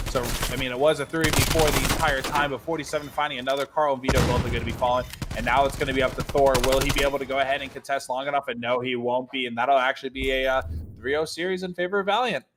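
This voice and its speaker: Male esports caster, rapid jokey play-by-play, noisy game audio behind. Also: medium pitch. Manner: fast, excitable, jokey. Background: game gunfire and clicks.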